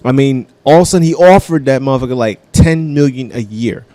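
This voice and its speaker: A man hosts a comedy radio show, ranting about sports in a loose, profane way like a diehard fan. His voice sits at an ordinary middle pitch and sounds close and dry, with no room around it. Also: a little fast, warm tone, dry recording. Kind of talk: casual sports rant.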